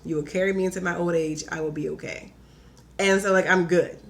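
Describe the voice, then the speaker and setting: A young woman telling a personal story in casual chat, animated and full of "like", acting out her own quotes. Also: lowish voice, fairly quick. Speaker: podcast guest.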